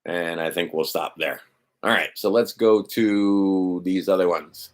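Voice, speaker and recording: A man's voice: deep voice, fairly even intonation, measured pace. A middle-aged man talking casually while scrolling through a document on screen, rambling with sardonic, profane asides. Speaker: host of a legal maxims stream. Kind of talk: casual screen-share talk.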